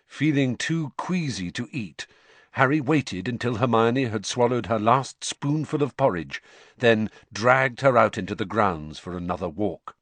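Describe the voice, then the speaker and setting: A man narrating an audiobook in an expressive storytelling manner. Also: medium pitch, unhurried, no room sound. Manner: expressive, varied storytelling delivery.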